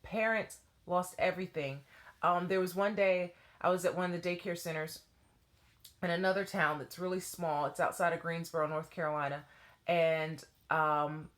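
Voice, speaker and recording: A woman in her thirties speaks to camera with a somewhat low voice. She tells a personal story about teaching dance in a lively, animated way, slipping into other people's voices as she goes. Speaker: former children's dance teacher.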